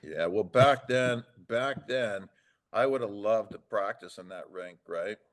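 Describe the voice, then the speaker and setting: Lowish-voiced older man telling rambling stories. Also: unhurried. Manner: rambling anecdotes, acts out quoted dialogue, chuckles often. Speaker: podcast guest, former hockey player. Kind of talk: casual storytelling chat.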